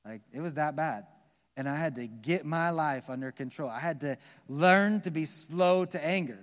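A man with an American accent preaching a live sermon as pastor, swinging between soft, slow passages and loud, emphatic ones. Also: medium pitch. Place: large church hall with long reverb. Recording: live church recording with long hall reverb.

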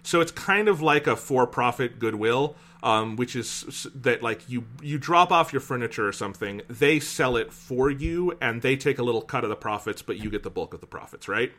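A man hosting a podcast, telling a long story in an animated, casual way and swearing freely. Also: medium pitch, normal speed, hardly any pauses. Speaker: podcast host.

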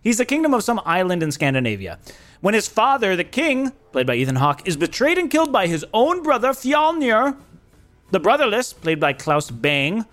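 A man's voice: high voice, normal speed. A young adult man co-hosting a podcast, chatting casually and jokingly about a film. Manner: animated, jokey, recapping plot. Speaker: podcast co-host.

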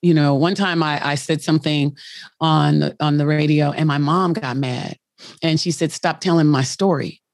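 A woman's voice: deep voice, fairly even intonation, moderate pace, no room sound. Radio host lady just chatting, tells stories, laughs a lot, dry close sound. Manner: candid, storytelling, laughs often. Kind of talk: casual chat.

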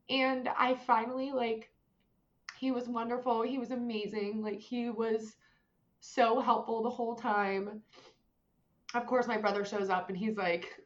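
Young woman, casual animated storyteller with lots of "like"s, slightly muffled recording. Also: fairly high pitch, slow, pauses often. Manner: animated, many fillers, acts out voices in quotes. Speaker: guest telling a personal story.

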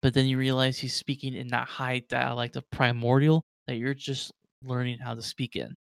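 A man's voice: medium pitch, little pitch movement, moderate pace, creaky, clean tone, no echo, clean studio sound. A man narrating as game master of a tabletop role-playing game, rambling and full of "like". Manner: rambling, heavy with "like".

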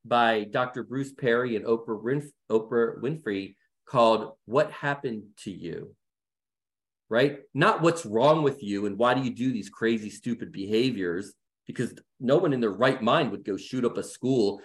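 A man's voice: medium pitch, measured pace. A middle-aged man speaking as a guest in a panel discussion, earnest and emphatic in a conversational way.

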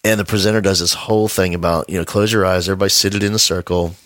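A man with a somewhat low voice hosts a casual podcast chat, recorded in a dry, dead room. He tells stories in a relaxed, rambling way and chuckles often as he goes. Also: racing, dry recording. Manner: laid-back storyteller, chuckles mid-sentence.

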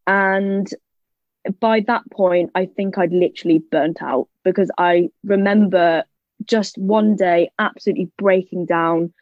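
A woman's voice: lowish voice, fairly even intonation, no room sound. A young woman, talking as an interview guest. She tells her story in a chatty, rambling way, with plenty of "like" and "literally". The recording is dry and a little dull. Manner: chatty storytelling, quick asides, many "like" and "literally" fillers. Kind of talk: casual interview chat.

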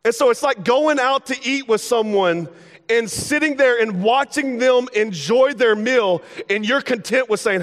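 A man's voice: very high-pitched, unhurried, fairly bright tone. A young man preaching a casual, playful sermon as pastor, slipping into everyday dialogue to make his points. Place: church sanctuary. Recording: long hall reverb.

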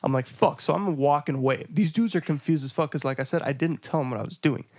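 A man's voice: fairly high pitch, fast talker, darkish tone, dry recording, studio quality. Profane man telling a story with laughter. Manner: profane, laughing storyteller who acts out his own lines. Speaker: podcast co-host. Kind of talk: casual storytelling chat.

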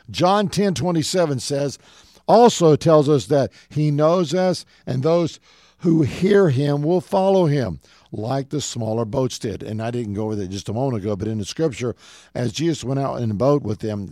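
Earnest man preaching in a low, mellow voice. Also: dry recording, studio quality. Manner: earnest, direct preaching that keeps addressing listeners as "folks". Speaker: radio show host and preacher. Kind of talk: radio sermon teaching.

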